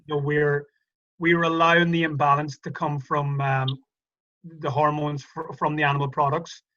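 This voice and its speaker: Bright-voiced Irish man, chatty storyteller. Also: on the high side, little pitch movement, moderate pace, dull audio. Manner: chatty, hesitant storyteller with many restarts. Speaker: guest. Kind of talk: casual conversational interview.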